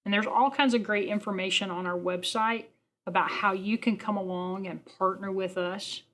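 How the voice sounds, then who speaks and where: A woman's voice: medium pitch, steady tone, moderate pace, fairly bright tone. A woman from a pregnancy center making an earnest, persuasive appeal to an audience at an event. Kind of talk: speaking at a fundraising event.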